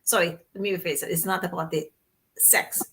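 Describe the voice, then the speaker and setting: Trinidadian woman hosting a chat show, lively storyteller, laughs a lot. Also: lowish voice, a little fast. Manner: animated, chatty storyteller who laughs often. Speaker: host. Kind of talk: casual chat.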